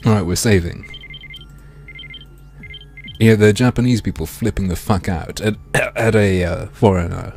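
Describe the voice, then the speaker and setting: A man streaming a video game, reading its text aloud in a mock-dramatic way with sardonic, swearing asides, his throat strained and often cleared. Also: on the low side, a little slow, pauses often, darkish tone, faint music behind. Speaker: gaming streamer.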